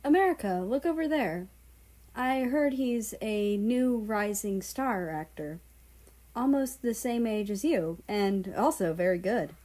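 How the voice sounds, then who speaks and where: A woman's voice: medium pitch, lively intonation, measured pace, mellow, voice pushed up, natural voice. A woman reading aloud voices a chatty young friend who gossips eagerly.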